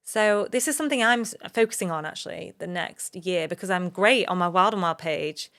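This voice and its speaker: A woman's voice: lowish voice, brisk, a bit bright. A woman in her thirties from England hosting a solo podcast, talking openly and earnestly about her own experiences to encourage listeners. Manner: earnest, open, motivational, speaks of personal experience. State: emotional at times. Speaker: podcast host.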